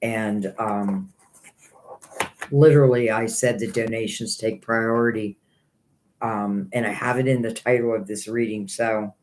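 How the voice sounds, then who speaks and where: A man's voice: lowish voice, fairly even intonation, measured pace. A man giving psychic tarot readings on a live stream, rambling and thinking aloud, earnest and a little hurt by critics.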